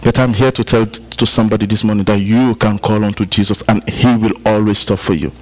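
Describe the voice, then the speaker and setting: A man's voice: lowish voice, fairly even intonation, quick pace, poor audio. A man from Africa preaching a sermon to a congregation, repeating key points for emphasis and chatting with the listeners. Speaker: pastor. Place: church service.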